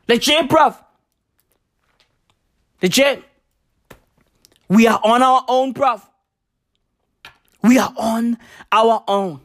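A comedian with a South African accent, delivering a profane, shouty sarcastic rant full of "bruv". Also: mid-range voice, drawn-out words, long pauses.

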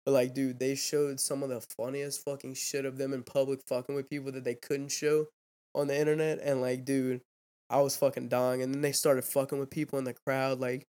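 A man's voice: medium pitch, little pitch movement, normal speed, darkish tone. A young man, hosting a podcast and chatting casually, rambling and swearing with constant fillers. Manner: rambling, profane, fillers "dude" and "like". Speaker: podcast host. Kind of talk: casual chat.

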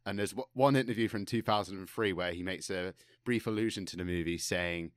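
A man's voice: deep voice, fairly quick, dry recording, studio quality. A man co-hosting a casual film podcast, recounting behind-the-scenes stories and laughing often. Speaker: podcast co-host.

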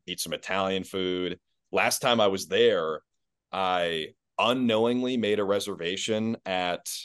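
A man's voice: sits low, no room sound, clean studio sound. A man talking casually as a guest on a sports podcast, easygoing and self-deprecating, laughing often. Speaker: podcast guest, basketball play-by-play announcer.

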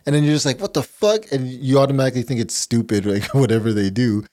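A man's voice: medium pitch, dark tone. A young adult man co-hosting a podcast, chatting casually, laughing easily and telling a story from work. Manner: laughs easily, quick agreeing replies, storytelling. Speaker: podcast co-host. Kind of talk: casual chat.

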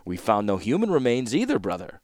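A man's voice: fairly low pitch, wildly swooping pitch, fairly quick, darkish tone, no room sound, studio quality. A man reading an audiobook voices an impulsive, argumentative young scholar who talks in heated, emphatic bursts. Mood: mocking.

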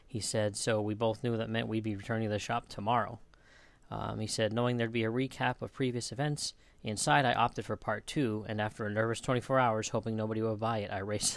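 A podcast host with a gravelly, fairly low voice works through the listener mailbag. He reads casually, chuckles often and fills pauses with ums and uhs. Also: no echo. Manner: relaxed, chuckles often, frequent um and uh. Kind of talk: casual reading of listener mail.

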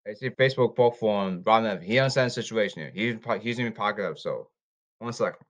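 A man rambling to his audience, reading rules off his phone and repeating himself insistently, with halting restarts. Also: fairly low pitch. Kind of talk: rambling monologue to camera.

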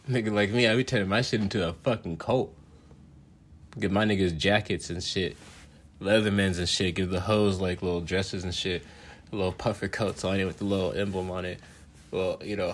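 A young man with a lowish voice rants boastfully in casual, profanity-laced slang. He laughs often and sounds a little high, riffing loosely on his own wild ideas. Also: fairly even intonation, moderate pace. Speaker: show host.

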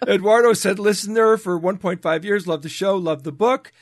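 A man's voice: high voice, moderate pace, no echo, studio quality. A man co-hosting a podcast, playfully reading out listener emails in a casual chat. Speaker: co-host presenting a listener quiz segment.

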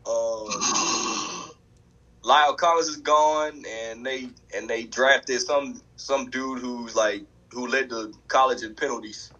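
A man co-hosting a sports podcast, talking in an animated, emphatic, trash-talking way. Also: medium pitch, takes it slowly, muffled recording, a little hiss or hum. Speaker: podcast co-host. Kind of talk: casual sports chat.

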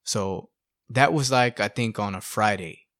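Man, middle-aged, lowish voice, lively storytelling, dry close mic. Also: a little slow, no room sound. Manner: animated, acts out quotes, fillers like "you know" and "bro". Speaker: guest sharing testimony. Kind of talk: casual storytelling.

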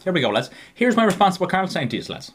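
A man's voice: high voice, big pitch swings, racing, fairly bright tone, slightly rough. A young Irish man in his twenties co-hosting a podcast, chatting casually and joking, calling his listeners "lads". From Ireland. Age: 20s. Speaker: podcast co-host. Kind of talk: casual chat.

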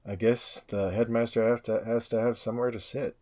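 A man's voice: mid-range voice, level tone, brisk, dark tone. A man co-hosting a podcast in casual chat, laid-back and brief in his replies. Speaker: podcast co-host.

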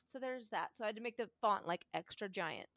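A woman co-hosting a podcast, doing a casual dramatic reading of an internet post, animated and often laughing, slowing down and speeding up as she reads. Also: mid-range voice, no echo, clean studio sound.

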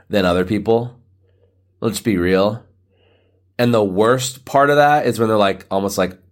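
A man in his thirties hosting a solo podcast, rambling loosely with lots of filler words and a rough morning voice. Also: sits low. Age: 30s. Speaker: podcast host. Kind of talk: casual solo podcast rant.

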